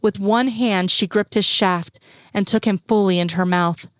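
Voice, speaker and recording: A woman reads a story aloud in a steady, unhurried voice of middling pitch. She sits close to the mic in a dry space with no room sound. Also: no room sound. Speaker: reader. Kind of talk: reading fiction aloud.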